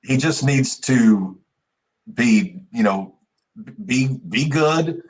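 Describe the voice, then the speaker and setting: A man co-hosting a wrestling podcast, talking casually in halting starts and repeated words. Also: medium pitch, expressive. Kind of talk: casual chat.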